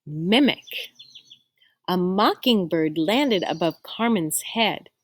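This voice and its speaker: A woman reading a picture book aloud to children, expressive, stopping to explain words and ask the listeners questions. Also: on the low side, takes it slowly. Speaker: storyteller.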